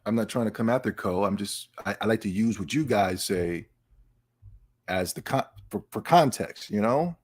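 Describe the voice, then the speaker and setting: A man hosting a casual livestream podcast, excitable and stammering, talking to his live chat. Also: fairly low pitch, normal speed, husky. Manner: animated, excitable, repeats and stammers. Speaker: podcast host.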